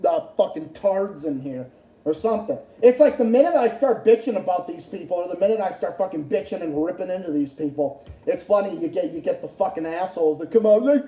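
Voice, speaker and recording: A man's voice: sits high, lively intonation, a little fast, warm tone. Furious, profane ranting man, echoey room. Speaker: livestream host. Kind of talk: angry political rant.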